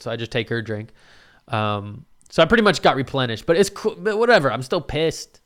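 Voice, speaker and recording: This young man's mid-range voice moves briskly as he recounts a night out in a casual monologue. Animated and swearing a lot, he acts out the things people said.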